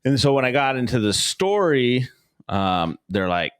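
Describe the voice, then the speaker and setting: A man's voice: medium pitch, very animated, unhurried, a bit bright, clean tone, no echo, clean studio sound. A man co-hosting a podcast in casual chat, bantering playfully and laughing often. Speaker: podcast co-host.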